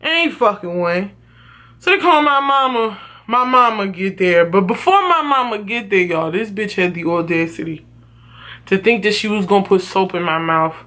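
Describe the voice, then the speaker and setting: A woman vlogger telling a story from her childhood in a casual, profane, animated way. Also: medium pitch, moderate pace.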